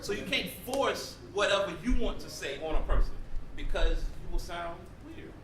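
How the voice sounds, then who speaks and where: A man leading a music master class, talking in a lively, playful way and often checking that the room understands. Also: sits high, normal speed. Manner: animated, playful, asks the room if they understand. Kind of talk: lively teaching talk to students. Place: lecture hall. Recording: distant mic in a very echoey hall with background noise.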